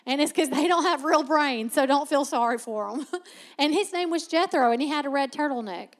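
High-voiced woman preaching in a reverberant hall. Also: moderate pace. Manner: lively, laughing asides, teaching tone. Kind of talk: sermon.

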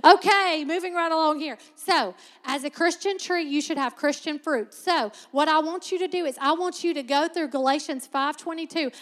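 A woman with a high, bright-pitched voice preaches a sermon, moving between teaching and playful, laughing asides. Her voice rings out with a long reverb, as if in a big church hall. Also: moderate pace, few pauses.

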